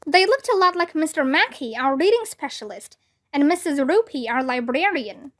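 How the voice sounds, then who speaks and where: A woman reading a children's chapter book aloud, slow and deliberate. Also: high voice, animated, a bit bright. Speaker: read-aloud narrator.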